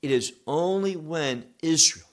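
A man's voice: on the high side, measured pace. A man giving a Bible teaching, emphatic and posing rhetorical questions he then answers.

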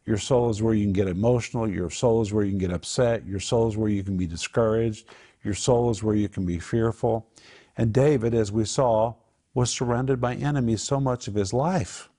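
A man's voice: lowish voice, moderate pace, mellow. A man hosting a Christian program, teaching from the Psalms in an earnest, emphatic conversational way. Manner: earnest, emphatic, builds to raised exhortation. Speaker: Bible teacher and program host.

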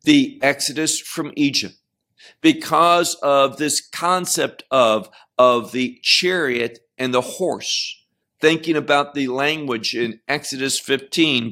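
Male Bible teacher, slightly high voice, unhurried, deliberate verse-by-verse explanation. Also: fairly bright tone. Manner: deliberate, often repeats and restarts words; explains Hebrew terms.

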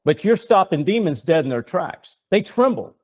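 A man's voice: high-pitched, sing-song, moderate pace, a little mellow, slightly rough. A middle-aged man hosting a religious talk show, preaching fervently with rhetorical questions and repeated words. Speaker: host and preacher.

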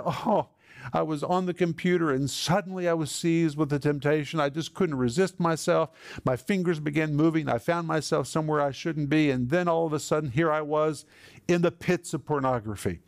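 A man's voice: medium pitch, a little mellow, dry recording. A man preaching a sermon as pastor, candid and practical, building points with dramatic repetition.

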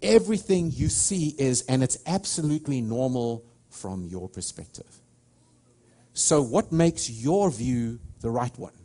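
A middle-aged pastor with a South African accent delivers a sermon in a warm, mellow voice. He tells stories in a rambling way, with many restarts. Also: mid-range voice, animated, measured pace.

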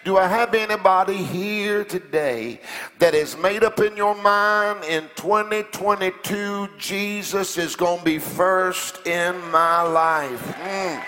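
Male preacher, high bright voice, rousing call-and-response delivery, echoing sanctuary. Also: slow pace, soft background music. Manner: fiery call-and-response preaching, building to shouts. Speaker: pastor. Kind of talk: sermon. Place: church sanctuary.

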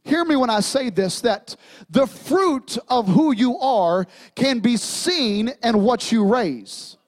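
High-voiced pastor, slow, drawl. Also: male voice, lively intonation. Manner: preaching with humor and emphatic repetition. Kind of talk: sermon. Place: church sanctuary.

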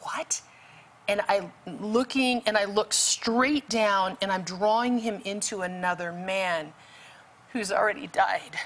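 A woman's voice: mid-range voice, a little slow. A woman guest telling a vivid, emphatic story as a testimony, with bursts of urgency. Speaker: guest author.

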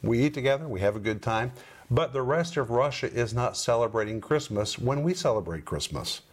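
A middle-aged man with an ordinary mid-range voice hosts a Bible-teaching broadcast. He teaches with emphasis, slowing down and leaning on key words. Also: medium pitch, expressive, slightly rough. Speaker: Bible teacher and program host.

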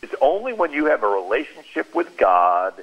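Guy on christian radio telling stories, kinda husky, acts out the quotes, muffled lo-fi sound. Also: a little high, moderate pace. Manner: animated storyteller who acts out quoted speech. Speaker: Christian speaker. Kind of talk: storytelling talk on a radio show.

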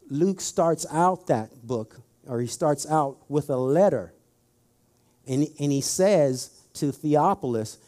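A man's voice: fairly high pitch, dark tone. A middle-aged man preaching a conversational sermon, telling stories and putting questions straight to his listeners. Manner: folksy, storytelling, addresses the audience directly.

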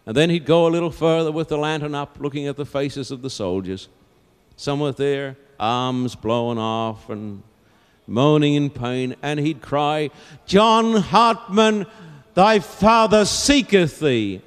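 A man preaching an evangelistic sermon in a large auditorium, telling a story dramatically and moving from hushed lines to loud ones. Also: mid-range voice, unhurried, smooth. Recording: long auditorium reverb.

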